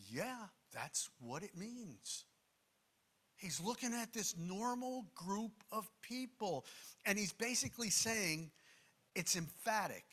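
A man delivering a sermon, talking straight to his listeners with emphatic repetition and casual asides. His voice sits a little high and rings bright. His pitch swings widely as he stresses each point. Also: a little slow. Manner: animated, emphatic, conversational preaching with asides. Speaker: preacher.

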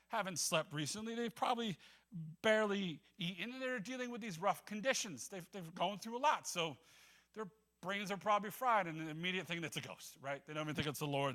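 A man delivering a sermon in a relaxed, talky way, his voice bright and sitting a bit high. He slips into the voices of the people in the story and laughs easily along the way. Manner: conversational, acts out scripture voices, laughs often. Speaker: preacher.

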